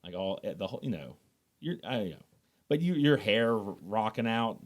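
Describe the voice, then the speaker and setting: A man's voice: lowish voice, lively intonation, fairly quick. A laid-back, jokey man, co-hosting a podcast in casual chat. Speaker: podcast co-host.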